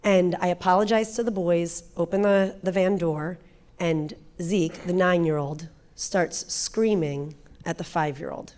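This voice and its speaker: A woman, a working mother, giving a frank and animated personal testimony in church. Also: fairly low pitch, a little slow. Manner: frank, animated confessional storytelling. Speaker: guest speaker, pastor's wife.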